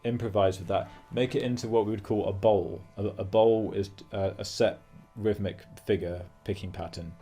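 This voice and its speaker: A man with a fairly low voice teaches guitar in a relaxed, explanatory way. He thinks aloud as he goes and stops to sing rhythms out in syllables. Soft guitar can be heard underneath. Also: normal speed, hardly any pauses, husky. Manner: thinking aloud with fillers and restarts. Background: guitar playing.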